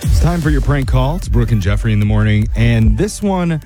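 Upbeat male radio host, mellow voice. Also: mid-range voice, lively intonation, fairly quick, faint music behind. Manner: upbeat, joking. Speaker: radio morning show host. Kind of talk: radio show introduction.

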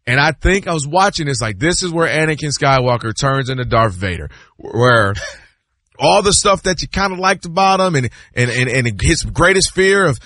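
A man debating basketball on a sports show, emphatic and lively, acting out players and fans as he argues. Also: fairly high pitch, no room sound. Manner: emphatic, acts out players and fans in quick voices.

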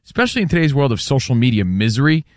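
A man's voice: mid-range voice, very animated, racing, dry recording, studio quality. A man co-hosting a radio talk show, chatting in an upbeat, casual way. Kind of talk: casual studio banter.

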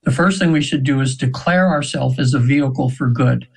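A man's voice: medium pitch, a little fast, gravelly, slightly rough, rough recording. A man in his seventies, a radio guest, telling a spiritual story in a rambling, earnest way, often restarting and retelling what others said. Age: 70s. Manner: rambling and earnest, with frequent restarts and retold quotes. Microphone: radio interview mic.

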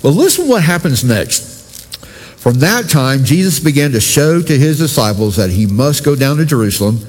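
A man's voice: mid-range voice, darkish tone. A male pastor preaching a sermon in a conversational way, talking directly to his congregation. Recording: long reverb from a church hall.

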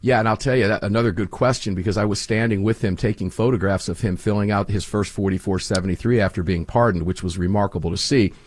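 A man's voice: on the low side, fairly even intonation, fast, hardly any pauses, a little mellow, no echo. A man who hosts his own program, telling stories with emphasis as a guest on a political talk show. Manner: emphatic, storytelling. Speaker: radio host. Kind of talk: political talk radio interview.

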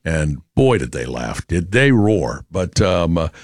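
A man's voice: deep voice, big pitch swings, measured pace, no echo, studio quality. A middle-aged man from Massachusetts with a New England accent, hosting casual radio chat in a rambling, self-correcting way. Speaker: radio host.

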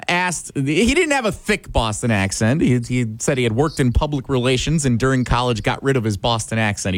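A man's voice: medium pitch, dry recording. A man chatting casually on a show, telling a rambling, self-deprecating story about his trip. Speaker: show regular back from a trip. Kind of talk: casual chat.

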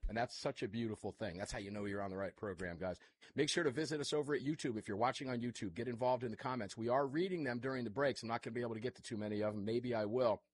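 A man hosting a live talk radio show from his studio, chatty and energetic, with quick asides to his guests. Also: medium pitch, breathy edge. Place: studio full of electronic equipment. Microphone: studio microphone.

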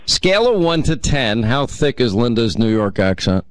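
A man's voice: medium pitch, big pitch swings, moderate pace, dry recording. Male talk radio host, casual and chatty with callers, dry close mic. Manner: chatty, reminiscing, teasing callers. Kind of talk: casual call-in chat.

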